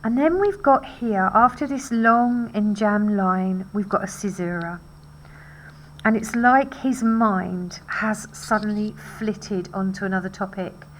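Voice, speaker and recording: A woman's voice: medium pitch, a little slow, a little hiss or hum, poor audio. A woman teaching English literature, explaining a play in a thoughtful, conversational way. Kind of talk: literature lesson.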